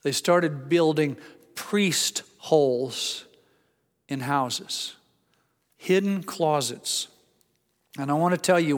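A male pastor preaching a sermon, emphatic, rising to loud exclamations and dropping low. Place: church sanctuary. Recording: church hall with long reverb.

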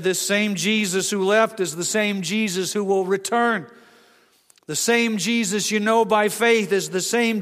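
Male pastor preaching emphatically in a church, with a high voice and a reverberant sound. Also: a bit bright. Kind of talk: sermon. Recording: long hall reverb.

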